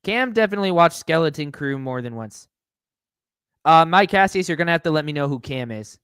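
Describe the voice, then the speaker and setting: A man's voice: a little high, expressive, fairly quick, a bit bright, clean tone, no echo, studio quality. A man hosting a live stream, reading viewer comments aloud and answering them with sarcastic, mocking commentary.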